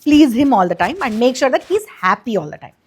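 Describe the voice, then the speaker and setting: A woman's voice: a little high, big pitch swings, brisk, husky. A woman casually retelling an epic for kids, chatty and explanatory, with many fillers and restarts. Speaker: storyteller, channel host.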